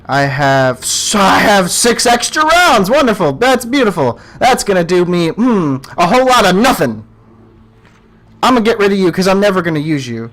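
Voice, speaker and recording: A young man playing a horror game, yelping and shouting in panic between calmer running commentary. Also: sits high, moderate pace, a little hiss or hum. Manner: screams and yelps in panic, then talks calmly. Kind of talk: let's play commentary.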